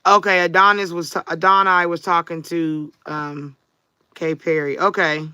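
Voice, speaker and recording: A woman's voice: lowish voice, level tone, normal speed, sharp tone, clear, resonant tone, no echo. A woman hosting a live tarot reading stream, chatting casually and answering viewers by name. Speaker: tarot reader and livestream host. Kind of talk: casual livestream chat.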